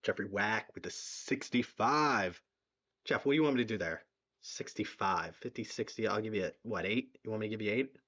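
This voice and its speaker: Excitable Philly guy hosting live stream. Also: lowish voice, fast. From southeastern Pennsylvania. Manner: excitable, repeats himself, reads donations aloud. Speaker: livestream fundraiser host. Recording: slightly dull lo-fi stream audio.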